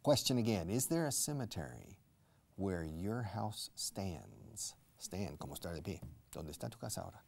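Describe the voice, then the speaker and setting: A man's voice: sits low, big pitch swings, normal speed, gravelly, darkish tone, slightly rough. A man teaching English in a live-streamed lesson, explaining words and dropping into Spanish asides.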